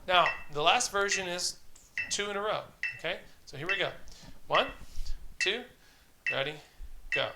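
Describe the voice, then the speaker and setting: A man with a gravelly, slightly high voice teaches drum rudiments, patiently calling out stickings and counting in each exercise. Loud stick clicks and drumming sit behind his voice throughout the recording. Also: animated, measured pace, pauses often, very noisy. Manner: patient, encouraging, counts aloud and calls out stickings. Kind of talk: instructional tutorial, counting off exercises.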